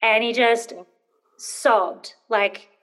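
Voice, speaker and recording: A woman's voice: on the high side, fairly even intonation, very slow, fairly bright tone. A woman in her thirties, an interview guest telling a personal story, hesitant with many ums and rambling when nervous.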